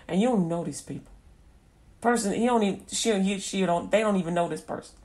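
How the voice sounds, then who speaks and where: A woman giving an impassioned spoken testimony on the radio, swinging from hushed murmurs to loud emphatic bursts and repeating phrases fervently. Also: medium pitch, a little fast. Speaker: radio preacher.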